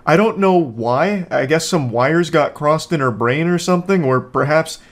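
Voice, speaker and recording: A man's voice: on the high side, moderate pace. A man giving casual reaction commentary on a video from home, sarcastic and joking with rambling asides.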